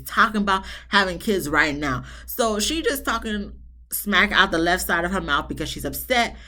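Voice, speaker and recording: A woman recapping a reality show episode in a casual, sassy way, often jumping into high exclamations. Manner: animated, sassy, jumps into high mock voices. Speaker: reality TV reviewer.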